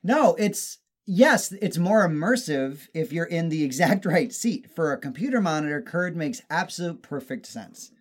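A man's voice: fairly high pitch, animated, normal speed, hardly any pauses. A young man co-hosting a casual chat, ranting and joking with lots of swearing. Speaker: podcast co-host.

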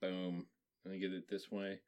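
A man's voice: sits low, monotone, moderate pace, a little mellow, lo-fi sound. A man in casual chat, joking and chatty while tasting candy.

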